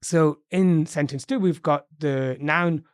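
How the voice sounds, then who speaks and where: A man's voice: on the high side, slow pace, clean tone, dry recording. British guy teaching english on a podcast, patient and encouraging, dry close sound. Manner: encouraging, explains patiently with frequent fillers. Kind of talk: podcast lesson dialogue.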